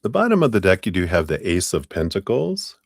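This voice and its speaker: A very low-pitched man reads tarot live for his viewers, chatting loosely and laughing along the way. His voice is recorded dry and close, with no room sound around it. He rambles, filling pauses with "you know". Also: wildly swooping pitch, vocal fry, no room sound. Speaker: tarot reader hosting a live stream. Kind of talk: casual livestream chat and card reading.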